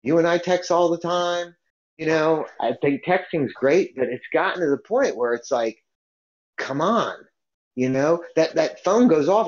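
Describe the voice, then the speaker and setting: A man's voice: on the high side, animated, unhurried. A man co-hosting a casual podcast, rambling with restarts and repeated phrases. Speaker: podcast co-host. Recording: dull lo-fi podcast recording.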